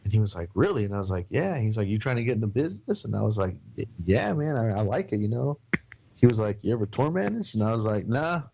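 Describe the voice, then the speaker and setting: A man's voice: lowish voice, lively intonation, fast talker, creaky, warm tone, muffled recording, a little hiss or hum. A man from San Antonio, a podcast guest, telling casual, rambling road stories with plenty of swearing and quoted voices. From San Antonio, Texas. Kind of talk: casual storytelling.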